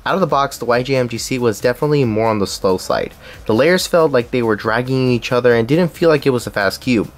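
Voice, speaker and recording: A man's voice: mid-range voice, expressive, fast talker. A young man narrating a scripted puzzle cube review, reading along with small slips and restarts.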